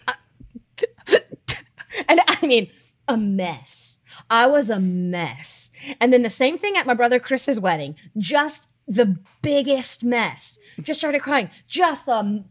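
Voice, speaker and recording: A woman co-hosting a podcast, telling stories in casual chat, giggling often and quick to react. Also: fairly high pitch, animated. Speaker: podcast co-host.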